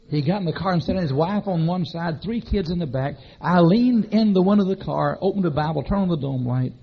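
Gravelly folksy Baptist preacher. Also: male voice, fairly high pitch. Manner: folksy, animated, acts out shouting and laughter. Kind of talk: storytelling sermon. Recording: dull lo-fi recording.

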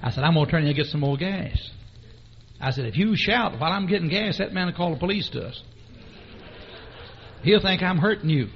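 Gravelly folksy Baptist preacher. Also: male voice, fairly high pitch, a little fast, long pauses, a little hiss or hum. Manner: folksy, animated, acts out shouting and laughter. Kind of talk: storytelling sermon. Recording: dull lo-fi recording.

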